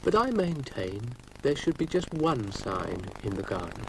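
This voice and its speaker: A man voicing a stubborn, grumbly old caretaker who talks slowly. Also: mid-range voice, very animated, noisy background. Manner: slow and stubborn.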